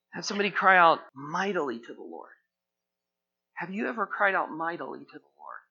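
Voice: mid-range voice, sing-song, fairly quick, vocal fry, pushed and bright. Fervent pastor preaching. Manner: fervent, rising to emphatic exhortation. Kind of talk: sermon. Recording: dull lo-fi sermon recording.

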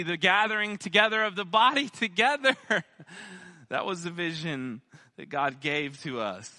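A man preaching as pastor of his church, recapping the year with frequent fillers and throat clearing, his voice a little worn. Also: medium pitch, sharp tone, dry recording. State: losing his voice. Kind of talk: sermon. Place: church sanctuary.

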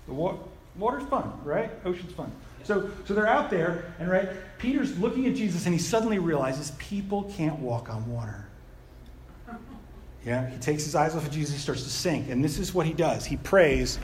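A man delivers a sermon with a slightly higher-pitched voice. He keeps it conversational and animated, tossing rhetorical questions to the listeners. He likes a bit of self-deprecating humor. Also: a little hiss or hum. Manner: conversational, animated preaching with frequent rhetorical "right?". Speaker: pastor.

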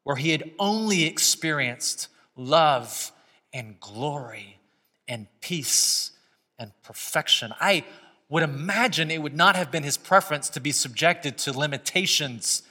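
A man preaching from the front of a church, his voice bright and forceful, a little higher than most men's. He drifts from quiet, thoughtful passages into loud, impassioned preaching. The sound carries a long reverb off the sanctuary walls. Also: animated, measured pace. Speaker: pastor. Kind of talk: sermon.

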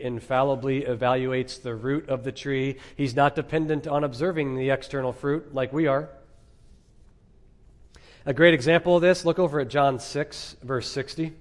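A man preaching an expository sermon as pastor, emphatic, with dramatic pauses and rhetorical questions. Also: medium pitch.

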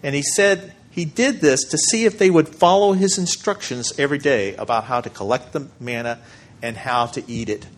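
A man preaching a sermon as pastor, measured and emphatic, with deliberate pauses for weight. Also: mid-range voice.

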